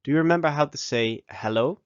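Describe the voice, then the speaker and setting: A man teaching a scripted language lesson, giving phrases slowly and with pauses so learners can repeat after him. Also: on the high side, clean tone, dry recording, lo-fi sound. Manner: slow, deliberate model pronunciation with pauses for repeating.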